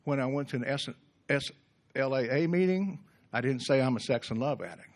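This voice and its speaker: A middle-aged man giving a gentle, reflective recovery workshop talk in a conversational way, often restarting his sentences. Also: medium pitch, animated, a little fast. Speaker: workshop speaker.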